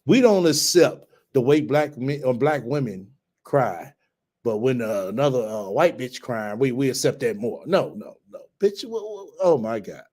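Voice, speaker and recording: A man, hosting a reaction commentary and mocking, heckling and cursing loudly at a clip. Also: mid-range voice, expressive, moderate pace.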